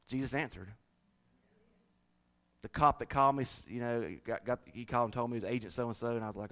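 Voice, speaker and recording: A middle-aged male pastor preaching a sermon, swinging between shouted refrains and hushed, low passages. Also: brisk, long pauses.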